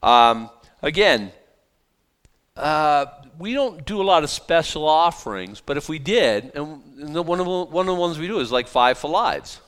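Man, pastor, conversational sermon, joking asides, smooth resonant voice. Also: fairly high pitch, expressive, moderate pace, fairly bright tone. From South Boston. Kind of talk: verse-by-verse sermon.

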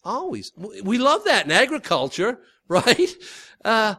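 A man's voice: high-pitched, huge pitch swings, measured pace, sharp tone. A man preaching a sermon in an emphatic, conversational way, repeating his key points. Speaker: pastor.

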